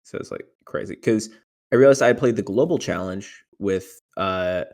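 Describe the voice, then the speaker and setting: With a lowish voice at a moderate pace, a young man chats loosely about winning his tournament. He wanders, uses many fillers, and becomes lively when recalling times he panicked.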